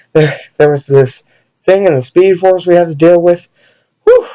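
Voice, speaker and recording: A man's voice: high voice, a little slow, warm tone. A man voicing a breathless young male speedster hero, out of breath and apologetic. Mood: sheepish.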